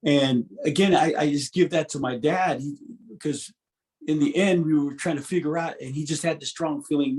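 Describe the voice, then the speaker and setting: Lively middle-aged man telling stories. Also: on the high side, fairly quick. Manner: animated, restarts often, laughs between stories. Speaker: guest musician. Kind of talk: interview storytelling.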